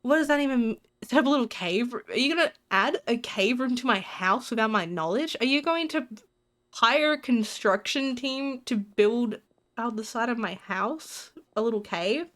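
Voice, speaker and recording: A woman's voice: a little high, animated, normal speed, a bit bright. A woman streamer chatting casually to her audience while gaming, giggling and rambling. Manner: giggly, rambling, restarts sentences.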